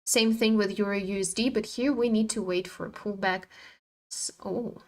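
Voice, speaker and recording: A woman's voice: mid-range voice, fairly even intonation, brisk. A woman hosting a live trading stream, chatting casually and animatedly, swearing freely and talking back at her chart.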